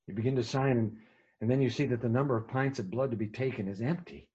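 Brief: male preacher, dark husky voice, dramatic storytelling sermon, dull lo-fi recording. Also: medium pitch, steady tone, fast. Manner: vivid storytelling with sudden hushed drops.

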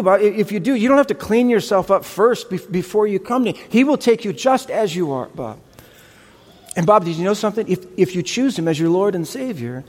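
A man's voice: a little high, darkish tone. A man acting out an overeager male neighbor who pleads at the door and stammers through apologies. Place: church sanctuary. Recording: reverberant hall.

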